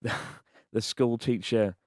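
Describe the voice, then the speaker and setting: A man's voice: medium pitch, extremely slow, no room sound, clean studio sound. A British man in his thirties co-hosting a podcast, telling stories with acted-out voices and plenty of swearing. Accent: British English. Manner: animated storyteller who acts out voices and swears freely. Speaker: podcast co-host. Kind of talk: casual banter.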